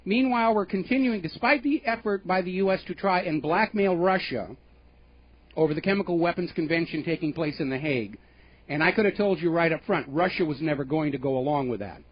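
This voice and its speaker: A man's voice: fairly high pitch, lively intonation, brisk, dull audio. A man hosting a radio talk show, delivering an emphatic, indignant political commentary monologue with sarcastic asides.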